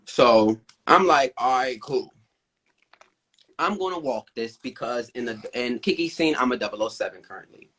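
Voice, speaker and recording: Animated, swearing male host telling a story. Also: mid-range voice, normal speed. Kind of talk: casual live-stream storytelling.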